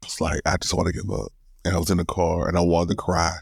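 A man's voice: sits low, little pitch movement, fast, vocal fry, husky, no room sound, studio quality. A middle-aged man hosting his own solo podcast, talking candidly and emotionally, cursing casually and repeating words as he builds his point. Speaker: podcast host.

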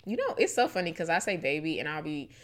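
A young woman co-hosting a casual chat show, talking in a playful, animated way with quick asides. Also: low-pitched. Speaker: podcast co-host.

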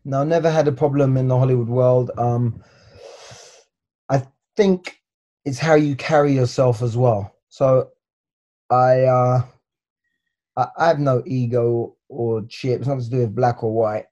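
An English man in his forties talks as an interview guest, his voice warm and mellow. He stumbles and repeats words as he searches for them. His anecdotes pick up life as he acts them out. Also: medium pitch, measured pace, pauses often, muffled recording. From England. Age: 40s. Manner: hesitant, repeats words, lively storytelling. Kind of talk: casual interview chat.

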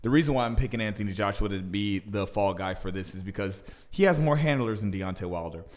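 A man co-hosting a casual boxing podcast, talking in an animated way and getting louder as he argues his point. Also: quick pace. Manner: animated, heats up and rises in pitch when arguing. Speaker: podcast co-host.

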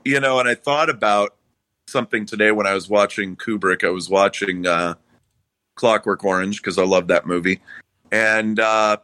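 Bright-voiced profane comedian man. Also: lowish voice, moderate pace, clear, resonant tone, no room sound. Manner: profane, rambling, self-mocking. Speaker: comedian guest. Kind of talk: casual interview chat.

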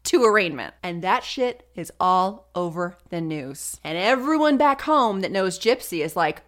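A woman's voice: fairly low pitch, lively intonation, a little slow, few pauses, fairly bright tone. A woman hosting a true crime video, telling the story in a chatty, sarcastic way and swearing freely.

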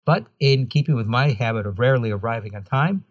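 Husky guy hosting a show, reads his script then drops dry little jokes, dead dry close mic. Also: medium pitch, lively intonation, a little fast, dry recording, dull audio. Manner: dry jokey asides. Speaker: podcast host. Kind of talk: scripted segment reading with wry asides.

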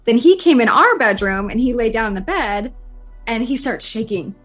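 A woman's voice: on the high side, normal speed, soft background music. A woman in casual conversation, animatedly retelling events and acting out what people said. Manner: animated retelling, acts out quotes. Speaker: interviewee. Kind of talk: casual chat.

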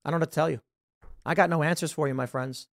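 A man's voice: on the high side, steady tone, racing, creaky, no room sound, clean studio sound. A man hosting a political commentary show, talking emphatically to viewers and posing rhetorical questions.

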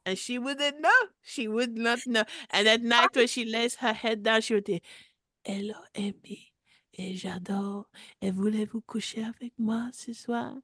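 Flirty French rat guy played by a woman, put-on French accent, loud and showy, higher voice. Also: fairly even intonation, moderate pace, hardly any pauses, dry recording, studio quality. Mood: hammy flirty. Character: flirty male rat caller from Paris. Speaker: podcast caller.

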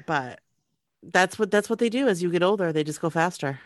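A woman co-hosting a podcast, chiming in with quick laughs and short agreements. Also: lowish voice, lively intonation, no room sound, studio quality. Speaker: podcast co-host. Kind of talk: casual podcast chat.

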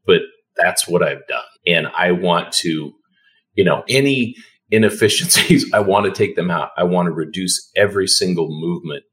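A man with a very low voice talks as a podcast guest. He speaks in a calm, soothing and unhurried way, explaining ideas to the host in relaxed conversation. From Canada. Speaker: dentist guest.

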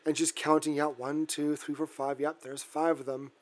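Man chatting casually, halting restarts. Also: fairly high pitch, little pitch movement. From Canada. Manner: halting, with frequent restarts and fillers. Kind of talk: casual chat recapping a horror film.

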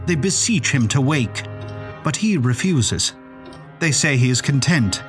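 A man voicing a soft-spoken, courteous keeper of a dream lodge with a grand way of talking. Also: mid-range voice, animated, unhurried, soft background music. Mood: grave.

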